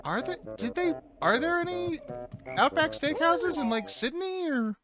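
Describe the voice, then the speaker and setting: A man's voice: extremely high pitch, measured pace. A man hosting a game playthrough, chatting casually and swearing freely while he plays. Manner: animated, swears freely, rambling. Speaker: let's play host. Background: game music.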